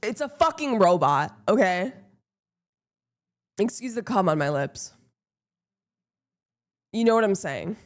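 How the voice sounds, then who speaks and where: A woman's voice: medium pitch, big pitch swings, slow, pauses often. A woman streamer chatting casually with her viewers, blunt and playful, swearing freely.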